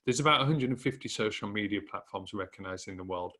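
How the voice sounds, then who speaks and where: Speaking quickly in a fairly low, sharp-toned voice, a Hull-accented man from northern England motivates business owners. His delivery is direct and encouraging, marked by emphatic repetition.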